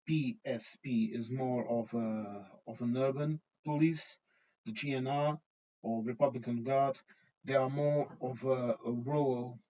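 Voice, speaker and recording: Husky blunt Portuguese-accented man. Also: mid-range voice, a little mellow. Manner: blunt, swears freely, tags points with "okay?". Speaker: vlogger. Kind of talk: casual opinion monologue. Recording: dull lo-fi recording.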